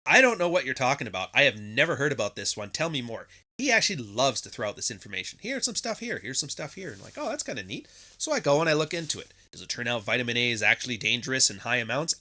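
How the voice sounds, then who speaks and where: A man's voice: medium pitch, bright, forceful tone. A man hosting a podcast, talking casually in a profane, sarcastic monologue, often mimicking people mockingly. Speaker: podcast host.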